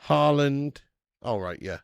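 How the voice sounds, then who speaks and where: A man's voice: mid-range voice, animated, slow pace, gravelly, clear, resonant tone, dry recording, clean studio sound. A man hosting a live football watch-along, chatty and laddish, swearing and calling viewers mate and lad. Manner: bursts out loud at match chances.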